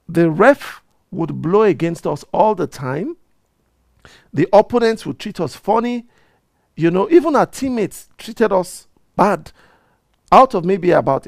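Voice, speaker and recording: A man, a reverend hosting his own program, telling a personal story in a casual, animated way and often restarting his sentences. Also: on the high side, gravelly, dry recording, studio quality. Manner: animated storyteller who gets heated and repeats himself. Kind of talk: casual talk-show monologue, personal storytelling.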